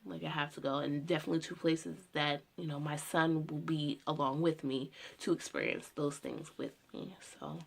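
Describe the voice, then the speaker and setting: A young woman in her twenties talks casually about her plans, her voice low for a woman. She has a gravelly, fry-laden edge and wanders along with loose filler phrases. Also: fairly even intonation, normal speed, hardly any pauses. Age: 20s. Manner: rambling, heavy on "you know" fillers. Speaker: student making a personal video. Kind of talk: casual personal monologue.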